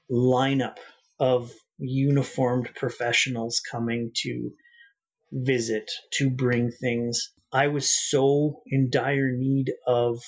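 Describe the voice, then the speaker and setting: A man speaks in a husky, breathy voice at a mid pitch. He tells his story earnestly and reflectively, pausing and restarting his phrases as he thinks. It sounds like a relaxed sit-down interview. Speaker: guest.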